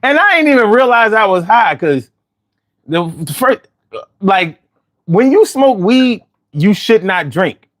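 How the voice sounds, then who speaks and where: A man hosting a loose, casual talk show, and his voice sits a little high. It swings widely as he tells his stories, and he swears freely. He often jumps into a much higher voice when he quotes himself. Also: expressive, takes it slowly, long pauses. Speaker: host. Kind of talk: casual storytelling chat.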